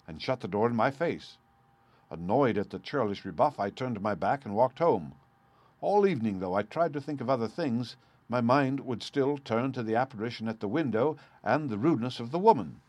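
A man reading a first-person story aloud at a measured, steady pace. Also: mid-range voice, dry recording. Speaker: audiobook reader.

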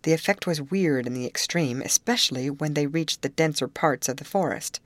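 A woman narrates a novel in a calm, even storytelling voice that sits low for a woman. The recording is dry and close, with no room around it. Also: moderate pace, dry recording. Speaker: audiobook narrator. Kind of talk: scripted narration.

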